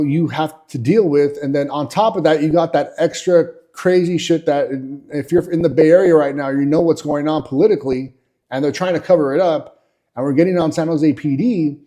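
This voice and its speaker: A man's voice: fairly high pitch, mellow. A man, hosting and telling workplace stories in a blunt, profane, casual monologue full of fillers. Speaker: podcast host.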